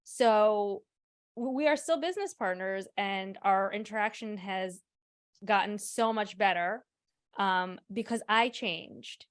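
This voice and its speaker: A woman's voice: medium pitch, slow, clean tone, no room sound, clean studio sound. A woman co-hosting an interview podcast, chatty and affirming, sharing a personal story. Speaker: podcast co-host. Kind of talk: casual interview chat.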